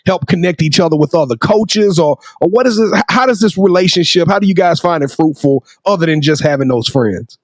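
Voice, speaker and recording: A man's voice: fairly high pitch, lively intonation, brisk, hardly any pauses, no echo. Male host, playful casual questioning, dry close recording. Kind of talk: casual video interview.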